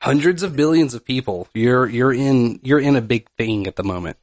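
A man's voice: medium pitch, normal speed, no echo, clean studio sound. A man co-hosting a podcast in casual, joking chat. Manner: playful, joking. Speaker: podcast co-host.

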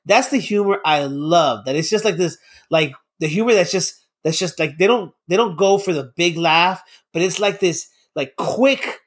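A man with a high voice talks excitedly in a loose, casual chat. He laughs often and swears freely as the conversation rolls on. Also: normal speed, few pauses, husky. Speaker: podcast co-host.

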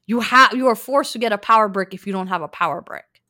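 A woman hosting a casual podcast, animated and talking straight to her listeners about the news. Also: medium pitch, fast talker, dry recording, studio quality. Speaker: podcast host presenting news. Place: lives in New York.

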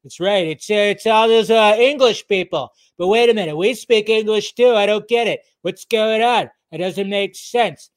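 A man's voice: moderate pace, hardly any pauses, clear, resonant tone, close to an everyday voice. A man doing a comic impression of a blustering older male politician, firing off indignant rhetorical questions. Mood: mock-indignant. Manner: indignant rhetorical questions, higher pitch than his own voice.

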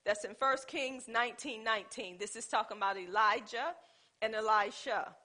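A woman's voice: a little high, normal speed. A woman preaching a sermon in a conversational, storytelling way, speaking. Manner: animated, conversational, with dialect and storytelling.

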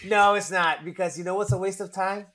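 Excitable high-voiced male podcast host. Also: fairly quick. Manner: excitable, laughs often, swears, many restarts. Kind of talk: casual chat.

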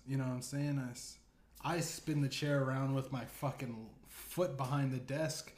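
A man's voice: medium pitch, fairly even intonation, normal speed, darkish tone. A man hosting a podcast, telling a rambling comedic story full of profanity and asides. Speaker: podcast host. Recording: echoey room.

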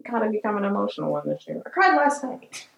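A woman's voice: mid-range voice, very animated, quick pace, vocal fry. Earnest chatty woman, echoey room. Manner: earnest, tearful and laughing in turns. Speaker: podcast co-host. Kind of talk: casual chat.

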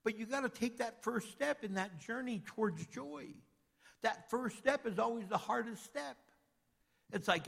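A male pastor preaching a sermon, swinging from loud, rising exhortation to hushed, intimate asides. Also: extremely high pitch, expressive, normal speed, creaky, in a large hall. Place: church sanctuary.

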